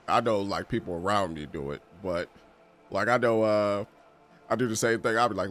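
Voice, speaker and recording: A man doing a laid-back let's-play, rambling in loose slang and laughing between lines. His voice is on the low side, and he reads the game's text aloud as he goes. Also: fast, a bit bright. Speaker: gaming streamer. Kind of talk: casual let's-play commentary.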